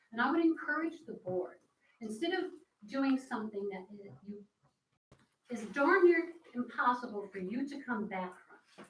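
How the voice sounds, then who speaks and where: A woman speaking during public comment at a town board meeting, earnest and growing heated as she presses her point. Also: high-pitched. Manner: earnest, grows heated and emphatic. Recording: echoey hall, voice from far off.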